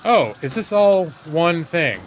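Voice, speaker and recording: A man's voice: fairly high pitch, very animated, slow pace, a little hiss or hum. A man casually commenting while he plays a strategy game live, swearing now and then and talking to his chat. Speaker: streamer playing a strategy game.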